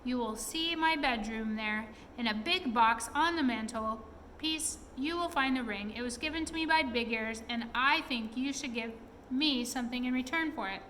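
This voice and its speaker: Storybook creature: woman voicing a gloating, quacking duck-headed brute, bright and high. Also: moderate pace, big-room sound, a little hiss or hum, rough recording. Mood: sly. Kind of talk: storybook read-aloud.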